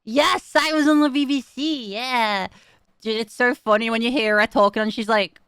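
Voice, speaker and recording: A woman's voice: on the high side, steady tone, normal speed, fairly bright tone, smooth, no echo, clean studio sound. A young woman streaming, chatting casually with her viewers, giggling often and swearing freely. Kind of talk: casual chat.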